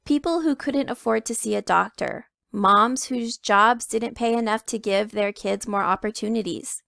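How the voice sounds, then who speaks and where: Gravelly-voiced woman reading a storybook. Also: fairly high pitch, moderate pace, no room sound, studio quality. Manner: expressive, emphatic picture-book reading. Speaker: children's book reader. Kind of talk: read-aloud storytelling.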